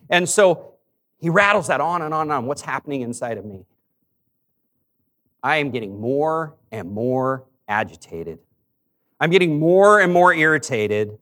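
A middle-aged pastor delivers his sermon in a mid-pitched male voice. He tells a family story, dropping to quiet, confessional tones and then lifting his voice for emphasis. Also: very animated, moderate pace. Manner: storytelling preacher, shifting from soft confession to raised emphasis.

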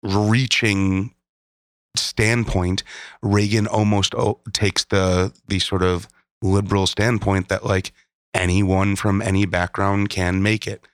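A man's voice: on the low side, flat delivery, slow, no room sound, studio quality. A man co-hosting a podcast in casual chat, laid-back, hedging often and swearing freely. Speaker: podcast co-host.

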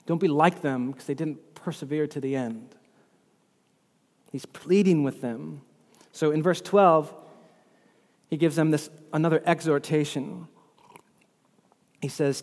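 Man, pastor, earnest sermon, slightly high voice, echoing church hall. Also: fairly even intonation, unhurried, pauses often, darkish tone. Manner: earnest, repeats words, quotes scripture. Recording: long hall reverb.

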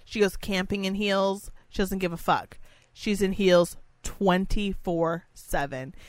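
A woman's voice: medium pitch, fairly even intonation, measured pace, dry recording. A woman in casual chat, talking bluntly and profanely about a friend.

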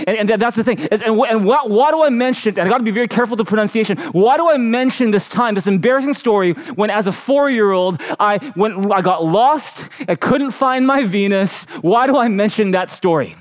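A man preaching a sermon as pastor, telling personal stories in an animated way and acting out the voices in them. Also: sits high, fairly quick, hardly any pauses.

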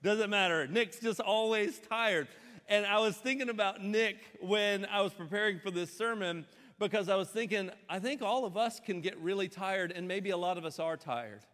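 A man preaching a sermon as the pastor, telling a story and slipping into low, weary impressions between bright, emphatic stretches. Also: normal speed, in a large hall.

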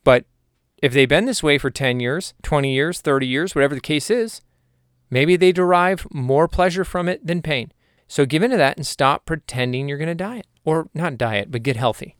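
A man's voice: a little high, moderate pace, clear, resonant tone, no echo, studio quality. A man hosting a solo podcast in a casual, jokey, rambling way. He is also a hypnotherapist and sometimes talks to himself.

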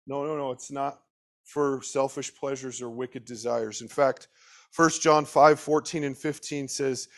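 A man preaching a sermon, swinging between loud emphatic bursts and quiet, slowed asides, and putting questions straight to his listeners. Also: medium pitch, steady tone. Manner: talks directly to the listeners with questions.

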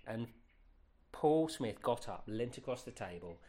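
Guy in his 50s, rambly interview guest, keeps correcting himself, normal pitch. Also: moderate pace. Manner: animated, rambling, many self-corrections. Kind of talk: casual interview storytelling.

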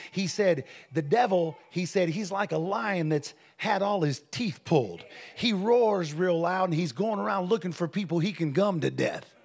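Fervent high-voiced preacher. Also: male voice. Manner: builds from conversational to shouted preaching; fervent, drawn-out emphasis. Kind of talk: sermon.

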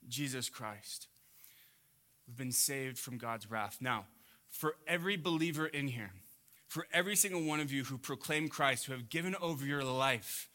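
A man preaching a sermon to a congregation, swinging between loud emphatic peaks and quiet low asides. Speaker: pastor.

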